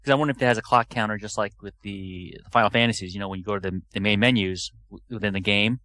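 A man's voice: fairly low pitch, fast talker, pushed and bright, no room sound. A man musing aloud in a casual podcast chat, trailing off as he thinks.

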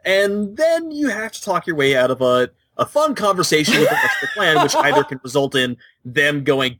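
A man's voice: fairly high pitch, sing-song, normal speed, few pauses, fairly bright tone, no room sound. A man co-hosting a casual video game podcast, emphatic and argumentative, sure of his points. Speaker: podcast co-host. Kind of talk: casual chat about video games.

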